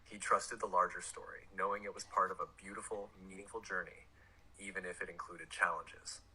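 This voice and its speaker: Deep, bright-toned calm male voice. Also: brisk, slightly rough, poor audio. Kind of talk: calm spiritual explanation.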